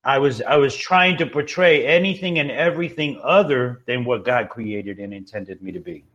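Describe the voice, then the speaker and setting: A man's voice: mid-range voice, moderate pace, a bit bright. Earnest man giving testimony, lo-fi. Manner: earnest, repeats himself. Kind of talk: personal testimony. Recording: dull lo-fi recording.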